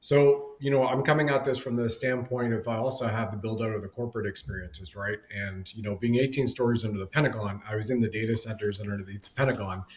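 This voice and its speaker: A man's voice: fairly low pitch, fairly even intonation, fast talker, few pauses, echoey room, poor audio. A man speaking as a guest on a discussion panel, talking in long, rambling run-on sentences. He presses his points emphatically as one thought spills into the next. The sound comes through a video call.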